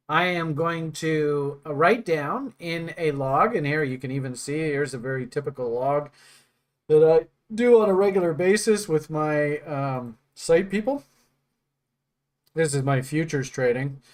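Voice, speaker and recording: Male trading instructor, casual host, rambling and jokey, full of fillers, voice a touch high. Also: expressive, unhurried. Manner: rambling, jokey, thinks aloud with many fillers. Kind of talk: casual teaching chat.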